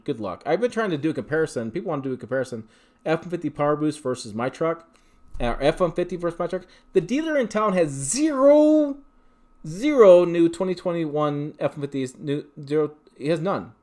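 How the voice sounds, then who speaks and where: A man hosting a casual livestream, reading viewer questions and answering them in a rambling, chatty way. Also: mid-range voice. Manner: rambling, chatty, with frequent fillers and restarts. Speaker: livestream host.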